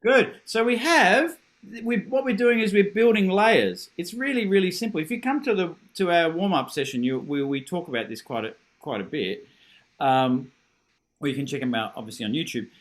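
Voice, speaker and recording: A middle-aged man leads a horn masterclass over a video call, his voice pitched high for a man. He praises readily, jokes about himself and demonstrates with short sung syllables. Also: lively intonation, moderate pace. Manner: encouraging, self-deprecating, demonstrates with sung syllables. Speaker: horn teacher giving a masterclass.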